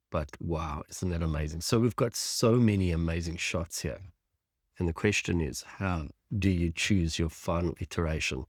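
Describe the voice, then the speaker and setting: In a dry, clean studio recording, a low-pitched man leads a design tutorial via screen share. As the instructor clicks through images, he enthusiastically thinks out loud.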